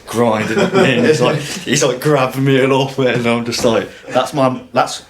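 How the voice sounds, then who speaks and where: A man's voice: mid-range voice, fairly even intonation, normal speed, a little hiss or hum. A young man talking casually on a podcast, rambling and swearing, with lots of fillers. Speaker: podcast guest. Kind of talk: emotional casual chat.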